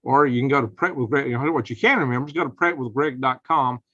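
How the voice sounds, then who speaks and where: A man's voice: medium pitch, quick pace, no echo. Folksy man, dry dull stream audio. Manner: folksy, rambling, gets heated and loud when indignant. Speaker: prepping channel host. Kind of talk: live-stream commentary.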